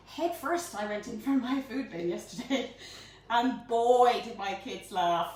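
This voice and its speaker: A middle-aged woman chatting bubbly and animated as she hosts a live baking demonstration from her home kitchen. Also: a little high, a little slow. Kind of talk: live-streamed cooking demonstration. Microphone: phone camera held by a helper at a distance. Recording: echoey room, phone mic from far off.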